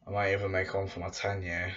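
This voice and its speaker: A man signs off to his audience from a room at home, talking quickly in a low, monotone voice with a slightly bright edge. He rambles and loops back, repeating fillers like "but yeah, guys," with the distant mic giving a dull lo-fi sound.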